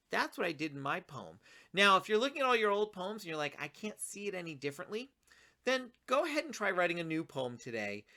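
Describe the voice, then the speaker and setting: A woman teaching a writing lesson to children, encouraging and talking straight to her students, reading her own poem slowly with a pause on each word. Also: sits low, pushed and bright. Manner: reads her poem slowly, pausing on single words; encouraging, addresses students directly.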